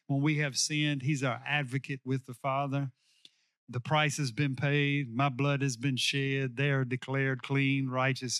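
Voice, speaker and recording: A male pastor preaching a sermon, slowing down to stress key lines and calling on the congregation to repeat after him. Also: mid-range voice, fairly bright tone, no room sound, clean studio sound. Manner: preaching with call-and-response to the congregation.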